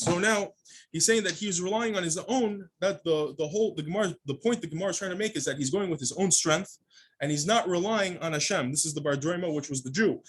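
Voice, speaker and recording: A rabbi gives his daily Talmud lesson in a fairly high voice for a man. He reads the Aramaic text line by line and then explains it in plain English. He often stops and restarts as he searches for the right wording. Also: fast, slightly rough. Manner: explains phrase by phrase, with frequent restarts.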